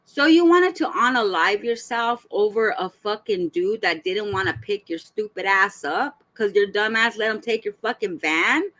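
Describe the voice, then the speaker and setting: Blunt, foul-mouthed woman, bright voice. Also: mid-range voice, moderate pace, few pauses, poor audio. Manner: blunt, profane and heated; rhetorical questions to the subject. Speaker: reaction channel host. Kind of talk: casual reaction commentary.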